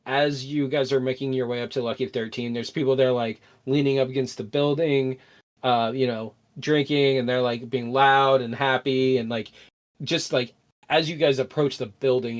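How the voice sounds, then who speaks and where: A man's voice: mid-range voice, steady tone, moderate pace. A man narrating a tabletop role-playing game as game master, rambling with many fillers.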